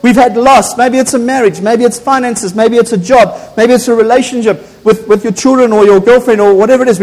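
A man, a pastor preaching an impassioned, emphatic sermon in a church. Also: very high voice. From South Africa. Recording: echoey church hall.

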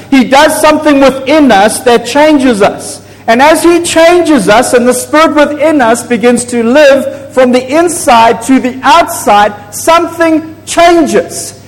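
A man preaching a sermon to a congregation in a church, excitable and prone to loud bursts, often asking the people questions. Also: very high-pitched. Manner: excitable, gets loud and apologizes for shouting; asks the congregation frequent questions. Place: church hall. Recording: long echo of a large hall.

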